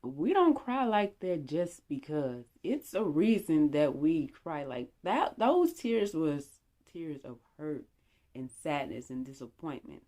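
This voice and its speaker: Low-voiced woman telling a story. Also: slow pace. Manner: animated, chatty, acts out dialogue. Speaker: storytime vlogger. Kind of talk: casual storytime.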